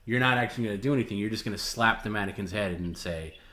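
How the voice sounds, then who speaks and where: A man with a fairly low voice hosts a live stream and patiently lays out the rules. He talks in a casual, instructive way. His voice has a roomy echo around it. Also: fast talker, bright, forceful tone. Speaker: stream host.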